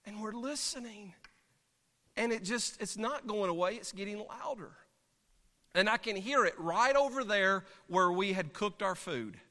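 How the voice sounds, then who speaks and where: A man, a pastor, preaching and telling a story from the pulpit in an animated, dramatic way, heard in a church sanctuary. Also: sits high, a little slow. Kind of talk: sermon storytelling. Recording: long reverb of a large hall.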